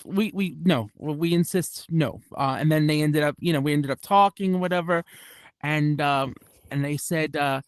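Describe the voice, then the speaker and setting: A man's voice: fairly high pitch, moderate pace, clean tone. A man doing a stand-up comedy set at a club, rambling and self-deprecating with many restarts and asides. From United States.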